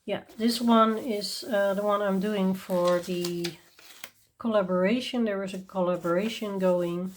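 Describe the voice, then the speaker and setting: Slow, chatty woman presenting craft books. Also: mid-range voice, steady tone, slight background noise. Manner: chatty and enthusiastic, with many ums and small laughs. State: tired and yawning. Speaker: coloring channel host. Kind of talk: casual show-and-tell review.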